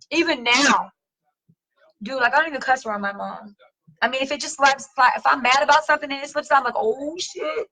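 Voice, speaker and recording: A middle-aged woman hosting a casual chat, reading viewer comments, slangy and animated, swearing casually and laughing often. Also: high-pitched, brisk, pauses often, rough recording. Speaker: host.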